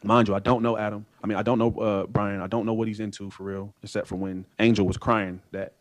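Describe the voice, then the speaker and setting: A man's voice: fairly low pitch, level tone. A man on the witness stand, recounting events in testimony and acting out what others said. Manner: rapid storytelling that acts out others' remarks.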